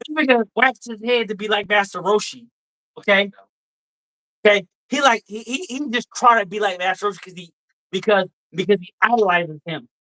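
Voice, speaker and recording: A drunk man hosting a casual stream, reading viewer comments and arguing loudly, profane and repetitive. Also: high-pitched, brisk, rough recording. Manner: loud, profane, argumentative, repetitive. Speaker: livestream host.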